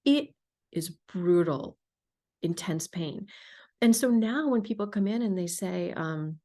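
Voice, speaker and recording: A woman's voice: fairly low pitch, a little slow. Emphatic woman podcast host. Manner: emphatic, animated storytelling. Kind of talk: casual interview conversation.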